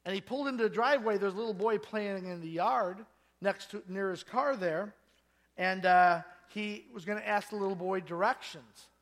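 High-voiced male preacher telling stories. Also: moderate pace. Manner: storytelling, acts out voices and quotes. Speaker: pastor. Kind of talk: sermon.

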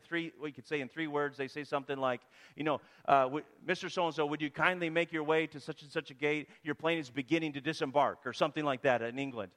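A man's voice: fairly high pitch, clean tone. A man preaching a sermon in a church, telling stories with bursts of emphasis. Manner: animated storytelling with bursts of emphasis. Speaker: guest preacher. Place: church sanctuary. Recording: reverberant church hall.

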